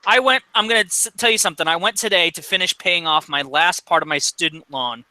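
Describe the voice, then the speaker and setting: A man's voice: high-pitched, brisk, bright, forceful tone, dry recording, rough recording. A man in a casual live stream chat, ranting bluntly and profanely.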